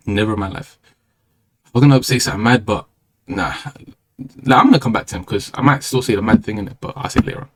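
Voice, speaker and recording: Fast-talking slangy British young man. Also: on the low side. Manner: slangy, rambling and opinionated. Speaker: live streamer. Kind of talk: casual live-stream chat.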